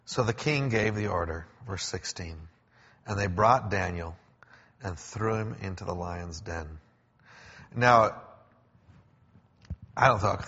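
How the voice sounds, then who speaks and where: Gravelly, husky male preacher in echoey hall. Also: low-pitched, a bit bright. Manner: conversational, explains with pauses and restarts. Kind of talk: sermon. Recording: echoey hall, dull lo-fi sound.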